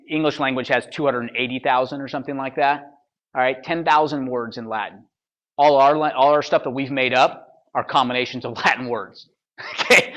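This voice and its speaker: Mid-range and fairly bright, this man's voice drives a motivational seminar for real estate agents. He's blunt and punchy, constantly asking "all right?" and "okay?", and ridicules excuses by imitating the people who make them in mocking voices.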